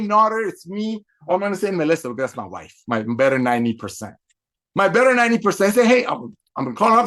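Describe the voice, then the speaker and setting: Man, somewhat high voice, excitable executive giving a motivational sales pep talk. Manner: excitable, repetitive, preacher-like emphasis. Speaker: company executive addressing affiliates.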